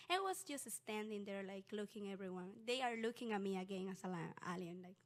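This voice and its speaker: A young woman whose first language is Spanish, with a Spanish accent, telling a personal story on stage in a halting way with many fillers. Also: on the high side. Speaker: student storyteller.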